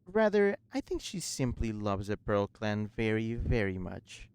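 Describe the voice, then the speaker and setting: A man reading the lines of a polite, businesslike merchant in a measured way. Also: on the low side, very animated, a little mellow, smooth, voice pushed down. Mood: courteous. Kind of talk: reading game dialogue aloud.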